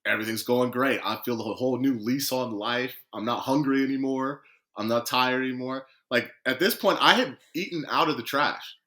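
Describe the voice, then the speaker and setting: A man, a guest footballer on a podcast, telling his story in a lively way and acting out what other people said. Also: medium pitch, normal speed. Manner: lively storyteller who acts out quoted dialogue.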